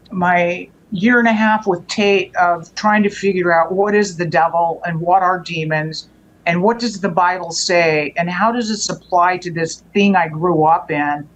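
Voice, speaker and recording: Halting woman recounting a family story. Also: on the low side, fairly bright tone, rough recording. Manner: halting, with frequent restarts and trailing phrases. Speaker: guest telling a personal story. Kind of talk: conversational storytelling.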